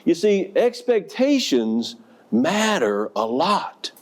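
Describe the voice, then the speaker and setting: A man's voice: on the high side, slow. A man who was a school principal, giving a professional development talk to educators and telling stories with audience questions. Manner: storytelling, animated, asks the audience questions.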